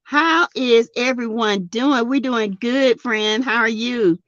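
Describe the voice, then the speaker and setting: A woman with a Southern US accent hosting a casual live stream, greeting chatters by name and laughing loudly and often. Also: on the high side, slow pace, dry recording, lo-fi sound. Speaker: YouTube live-stream host. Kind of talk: casual live-stream chat reading comments.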